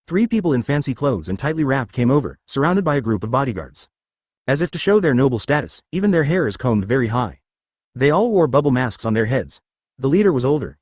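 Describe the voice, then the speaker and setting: A man narrating a story in a scripted reading style, brisk and animated. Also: mid-range voice, dry recording, studio quality.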